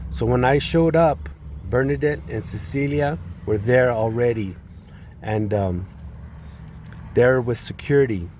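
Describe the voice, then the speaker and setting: Man giving a halting, earnest testimony. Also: mid-range voice, a little mellow, slight background noise. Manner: halting, with frequent restarts and repeated words; earnest and distressed. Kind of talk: personal testimony, spoken retelling.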